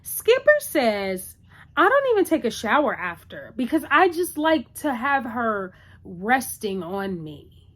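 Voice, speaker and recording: A woman casually recapping a TV episode in a chatty, animated way, acting out what the characters say. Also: on the high side, slow. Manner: chatty, animated retelling with acted-out quotes. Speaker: TV recap vlogger.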